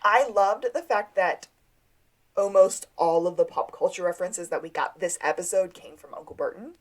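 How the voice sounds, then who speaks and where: A woman co-hosting a podcast, casually recapping a TV episode and acting out its lines. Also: on the low side. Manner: animated, acts out scenes with quick line readings. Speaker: podcast co-host.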